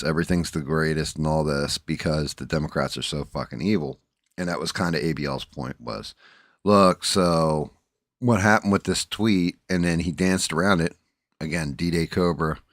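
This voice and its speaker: A man's voice: a bass voice, normal speed, a bit bright, no echo, clean studio sound. A man hosting a casual livestream, rambling bluntly with profanity and frequent restarts, groggy from just waking up. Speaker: livestream host.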